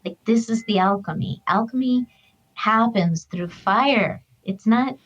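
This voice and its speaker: A woman's voice: a little high, measured pace, muffled recording. A middle-aged woman, a guest, telling a personal story in an earnest, emotional, reflective way. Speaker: guest, author and grief counselor. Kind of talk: heartfelt conversational storytelling.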